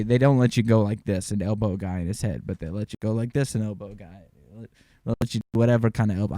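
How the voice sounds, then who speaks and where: A man in his twenties hosting a podcast, rambling casually about fights, excitable and swearing now and then. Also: fairly low pitch, dry recording. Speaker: podcast host. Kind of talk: casual sports chat.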